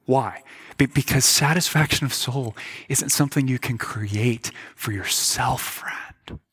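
A man's voice: medium pitch, unhurried, fairly bright tone, husky. A man preaching a sermon as a pastor, earnest and questioning, often repeating words as he stresses a point.

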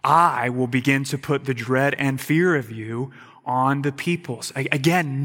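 A man preaching a sermon in an emphatic way, repeating words and dropping to quiet asides. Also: mid-range voice, in a large hall. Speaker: pastor.

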